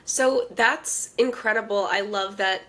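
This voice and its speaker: A woman in her late twenties, co-hosting a podcast and reacting to her friend's story in a casual, drawn-out way. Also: medium pitch, fairly bright tone. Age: late 20s. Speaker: podcast co-host. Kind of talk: casual chat.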